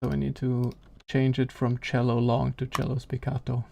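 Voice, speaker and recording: A man's voice: mid-range voice, monotone, moderate pace, creaky, dark tone, slight background noise. A young man streaming live as a game developer, chatting with viewers, greeting them by name and muttering to himself while he works.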